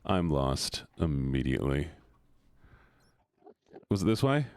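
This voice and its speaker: A man's voice: rumbling low, very animated, slow pace, a little mellow, clear, resonant tone, no room sound. A young man streaming a game, chatting casually with his chat, laughing and swearing often. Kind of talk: casual live-stream chat while gaming.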